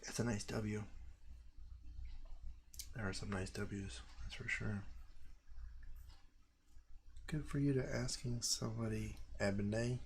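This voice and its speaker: An American man hosting a casual livestream, chatting to viewers in a profane, rambling way with sudden loud outbursts. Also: lowish voice, steady tone, slow, long pauses, slight background noise. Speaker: livestream host.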